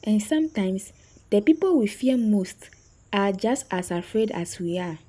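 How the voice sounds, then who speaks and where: Slow, husky woman telling a story. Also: mid-range voice, expressive, dark tone, poor audio. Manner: slow, suspenseful delivery with dramatic pauses. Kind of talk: scripted story narration.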